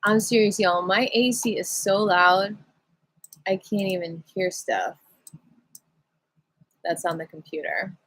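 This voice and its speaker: A woman leading a livestream qigong class in a playful, giddy, chatty way, with slow guided prompts to notice breath and heartbeat. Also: mid-range voice, steady tone, dry recording, rough recording. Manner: playful, giddy, breaks into sing-song cat voices. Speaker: qigong teacher. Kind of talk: casual livestream class guidance.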